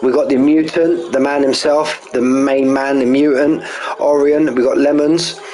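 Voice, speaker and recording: A man's voice: mid-range voice, level tone, a little slow, darkish tone, low-quality recording. A man with a Cockney accent hosting a sim-racing league live stream, chatting casually and greeting viewers by name.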